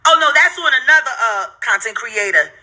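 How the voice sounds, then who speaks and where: A woman's voice: fairly high pitch, expressive, brisk, pushed and bright. A middle-aged woman hosting her own channel, ranting angrily and profanely at viewers while counting through videos on screen. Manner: heated, cursing, repetitive, counts aloud sarcastically.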